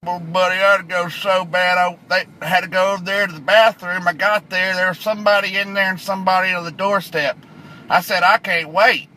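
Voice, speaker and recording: Bright drawly dopey old trucker guy doing the voice, faint car noise. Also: sits high, flat delivery, brisk, rough recording. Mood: whiny. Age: late 50s. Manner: drawling, calls him "little buddy". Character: slow simple older male trucker, mumbly and whiny.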